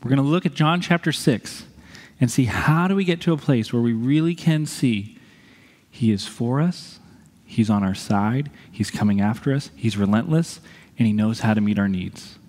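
A man's voice: medium pitch, moderate pace, darkish tone, in a large hall. A man preaching a sermon as pastor, talking earnestly and conversationally with some light humor, then reading scripture aloud to the congregation. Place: church sanctuary.

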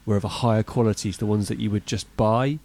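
A man co-hosting a comedy podcast, asking curious, quick questions. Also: fairly low pitch, fairly even intonation, darkish tone. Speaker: podcast co-host.

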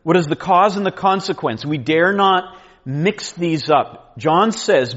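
A man's voice: a little high, expressive, a little slow, a bit bright. Earnest preaching man, muffled recording. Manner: earnest, emphatic teaching with repetitions and restarts. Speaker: pastor. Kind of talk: sermon.

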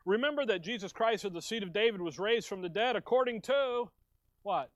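Folksy preacher man, higher voice, dry sound. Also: lively intonation, fairly quick, no echo. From Chicago. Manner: folksy, joking asides to the congregation. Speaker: pastor. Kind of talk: sermon. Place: church.

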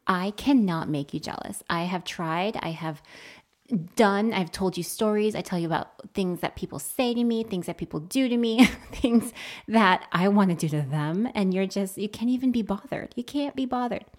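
A woman's voice: medium pitch, moderate pace. A woman co-hosting a podcast, chatting casually with her spouse and telling stories with lots of laughter. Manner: animated, laughing storyteller. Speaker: podcast co-host.

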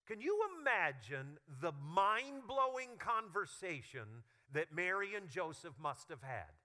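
A male pastor preaching a sermon with humorous, animated storytelling. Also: sits high, takes it slowly, few pauses.

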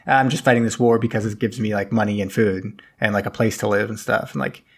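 A man's voice: fairly low pitch, fairly even intonation, slightly rough. A man casually recapping a movie on a podcast, rambling and briefly acting out characters as he goes. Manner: rambling, acts out characters in quick paraphrase. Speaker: podcast co-host.

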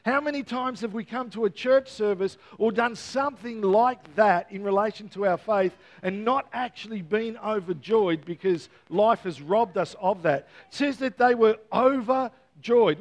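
A man preaching a Christmas Eve sermon, earnest and repeating key words, with playful joking asides to the congregation. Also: high-pitched. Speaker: pastor.

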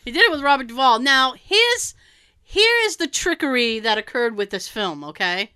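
A woman co-hosting a casual movie chat, animated, laughing often and swearing casually. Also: fairly high pitch, normal speed, smooth, no room sound. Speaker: podcast co-host.

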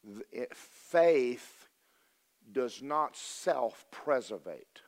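This older preacher speaks very slowly in an expressive, mid-range voice with a drawl, giving a homespun pulpit sermon. His plain, folksy storytelling moves from loud, ringing moments to quiet, almost whispered asides.

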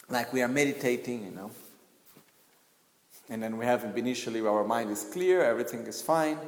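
A man's voice: medium pitch, animated, a little fast. A man giving a Buddhist teaching in a conversational way, with frequent asides and acted-out quotes. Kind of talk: commentary teaching on a Buddhist text. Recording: echoey room with long reverb.

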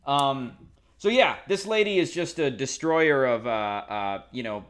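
A man's voice: mid-range voice, lively intonation, a little slow, a bit bright, clean tone. A man co-hosting a podcast, telling a long story in casual chat, rambling with lots of asides. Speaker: podcast co-host.

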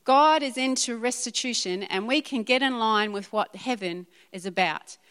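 A woman's voice: on the high side, normal speed, smooth. Emphatic woman preaching in an echoing hall. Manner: emphatic, animated, repetitive preaching with audience asides. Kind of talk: sermon. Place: church hall. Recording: reverberant hall.

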